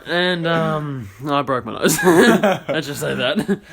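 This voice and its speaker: Man, casual podcast co-host, slightly high voice, laughing, joking storyteller. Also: slow, vocal fry, a bit bright. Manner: laughing often, joking and self-mocking.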